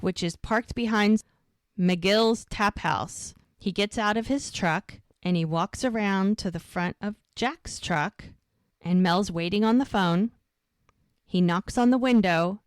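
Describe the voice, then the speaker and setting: Animated woman retelling a show. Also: medium pitch, a little slow, no echo. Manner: animated retelling, quoting characters with "he's like". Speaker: podcast co-host. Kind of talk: casual recap of a TV episode.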